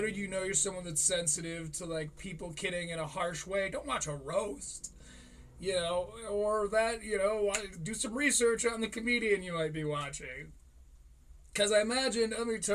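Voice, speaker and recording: A man's voice: high-pitched, a bit bright, slight background noise. A man hosting a live-streamed comedy commentary show, talking casually and sarcastically with a lot of swearing and frequent laughs. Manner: profane, sarcastic, laughs often, slips into mocking voices.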